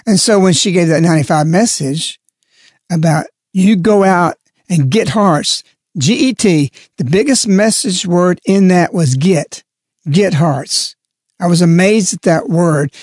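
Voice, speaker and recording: A man's voice: on the high side, a little mellow, no room sound, clean studio sound. A man giving a spoken religious reflection, stressing and repeating key words as he explains. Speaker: lay religious speaker.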